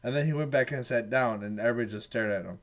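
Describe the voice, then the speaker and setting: A young man in casual chat, telling a story in a halting way with many stops and starts. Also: mid-range voice. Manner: hesitant, halting, many fillers and restarts.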